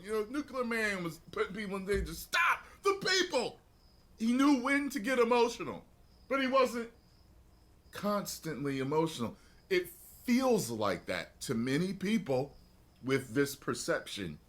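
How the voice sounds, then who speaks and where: Man, animated casual talker, very lively pitch, filler-heavy delivery. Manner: animated, repeats "you know what I'm saying". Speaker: commentator in a played clip. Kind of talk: casual opinion monologue.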